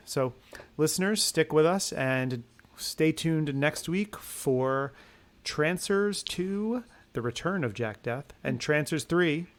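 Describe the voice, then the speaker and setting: Upbeat man hosting a podcast outro. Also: medium pitch. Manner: upbeat, plugs and thanks with fillers. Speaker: podcast host.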